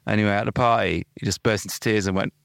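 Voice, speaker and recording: A man's voice: fairly low pitch, fairly even intonation, fast talker, gravelly, fairly bright tone, smooth, dry recording, clean studio sound. A young man co-hosting a podcast, telling crude anecdotes with lots of swearing and doing voices of the people in his stories. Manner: swearing, laughing storyteller who mimics other people. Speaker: podcast co-host. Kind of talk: casual banter telling anecdotes. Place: home studio.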